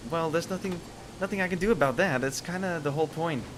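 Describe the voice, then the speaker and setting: A man casually commenting while he streams a game, mumbling to himself, with loud accordion music behind him. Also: on the high side, quick pace. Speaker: gaming streamer. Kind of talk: casual live gameplay commentary.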